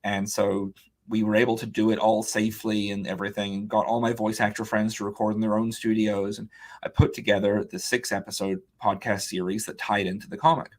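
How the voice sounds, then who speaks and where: A guest author and illustrator on an interview podcast, this man has a somewhat low voice and a brisk pace. His long anecdote comes out casual and animated, with quoted remarks from others acted out and lots of "like" and "um" sprinkled throughout.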